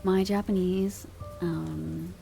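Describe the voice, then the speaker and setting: A woman's voice: lowish voice, fairly even intonation, slow, creaky, warm tone, soft background music. A woman streamer chatting casually with her live chat, giggly and swearing freely, at a desk microphone at home.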